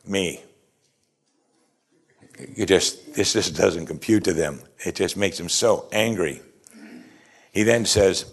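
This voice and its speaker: A man preaching a sermon, emphatic and animated, asking his listeners rhetorical questions. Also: deep voice, moderate pace, gravelly, breathy edge. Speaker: pastor.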